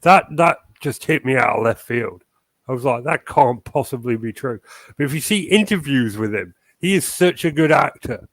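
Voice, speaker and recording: A man co-hosting a podcast in casual chat, with a mid-pitched voice. He makes blunt, matter-of-fact remarks. The sound is dry and close, with no room echo. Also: expressive, normal speed, fairly bright tone. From Northern Ireland. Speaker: podcast co-host.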